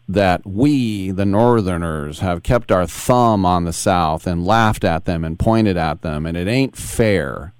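Chatty low-voiced radio host, dry studio. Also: male voice, a little mellow, clean tone, no echo. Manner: quick, chatty, tangential questions. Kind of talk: radio interview.

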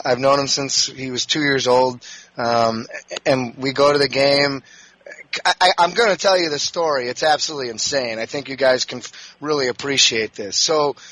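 A man hosting sports talk, telling a game story in an animated, rambling way with many restarts. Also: mid-range voice, no echo, low-quality recording. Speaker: sports radio host.

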